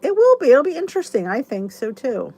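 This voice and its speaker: A woman's voice: high-pitched, big pitch swings, a little fast, a little mellow, dry recording, muffled recording. A middle-aged woman hosting her channel, chatting casually and enthusiastically to viewers in a rambling way. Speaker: YouTube channel host.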